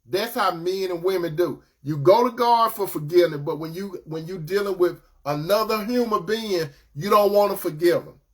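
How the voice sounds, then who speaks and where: Male preacher, higher register, chatty sermon delivery that keeps calling on brothers and sisters. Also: normal speed, few pauses. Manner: conversational preaching, addresses listeners as brother and sister.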